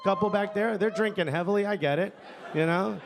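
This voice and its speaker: A man's voice: sits high, fairly quick, vocal fry. A man performing a stand-up set on a comedy club stage, talking conversationally and often tagging lines with "okay?" or "you know?". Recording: live club, loud crowd laughter and noise.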